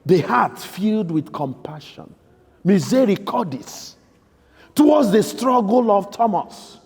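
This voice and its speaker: A man preaching a sermon as priest in a church, emphatic, swinging between loud outbursts and soft, quiet lines. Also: high-pitched, animated, measured pace, creaky, husky. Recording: echoey church hall.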